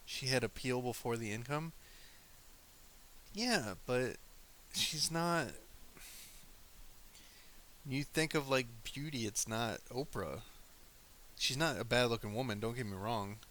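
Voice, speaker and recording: A man's voice: mid-range voice, slow, long pauses, fairly bright tone. A man streaming, chatting casually, crude, joking and argumentative. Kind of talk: casual chat with live chat.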